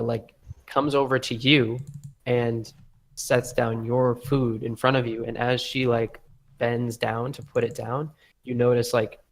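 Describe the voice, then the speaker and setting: A male game master narrates a tabletop session in a gravelly voice of ordinary pitch. He rambles and fills the gaps with filler words as he goes. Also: low-quality recording.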